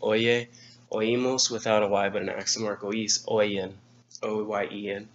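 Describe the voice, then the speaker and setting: Low-voiced male teacher, slow and patient. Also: a little hiss or hum. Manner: steady, patient explanation, spelling words out letter by letter. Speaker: Spanish teacher. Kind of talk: exam review lesson. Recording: dull lo-fi recording.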